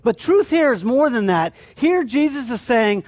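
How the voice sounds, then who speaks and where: A man's voice: very high voice, big pitch swings, a little slow. A man teaching a sermon as a church teacher, explaining his points through rhetorical questions.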